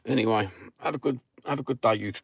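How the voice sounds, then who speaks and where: A man's voice: mid-range voice, fast, slightly rough. A middle-aged man with a Cockney East London accent, rambling bluntly and swearing while he chats and drives. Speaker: vlogger. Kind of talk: casual chat while driving. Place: inside a car. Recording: car noise behind the voice.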